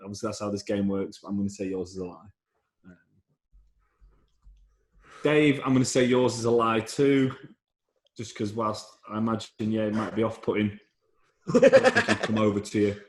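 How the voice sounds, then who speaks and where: Brief: male co-host, low voice, hesitant guessing, echoey room. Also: normal speed, pauses often. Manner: hesitant, thinks aloud with ums. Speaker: podcast co-host. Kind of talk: casual banter, guessing game.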